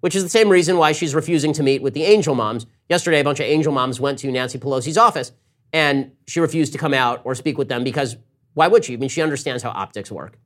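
A man hosting a political commentary show, talking in a fast, sarcastic monologue and mimicking his opponents in quick asides. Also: mid-range voice.

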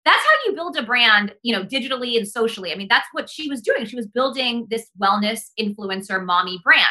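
A woman from Texas joins a podcast as a guest, chatting casually in a bright, slightly high voice. She tells stories with animation and acts out bits of dialogue. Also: expressive, fairly quick. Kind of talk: casual chat.

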